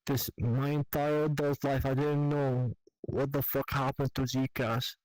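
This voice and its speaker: A young man telling an emotional personal story in candid, profane, halting speech over online voice chat. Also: mid-range voice, little pitch movement, darkish tone, rough recording. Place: online voice chat in a virtual world.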